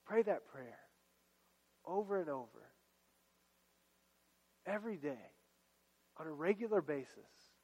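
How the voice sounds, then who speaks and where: A man's voice: a little high, sing-song, slow pace, pauses often, darkish tone, breathy edge, long reverb tail, low-quality recording. A man, a pastor, preaching a sermon in church and repeating key phrases as he urges the congregation on.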